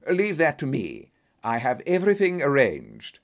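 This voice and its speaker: A man voicing a calm, commanding male detective in an audiobook reading, precise and authoritative. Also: medium pitch, measured pace.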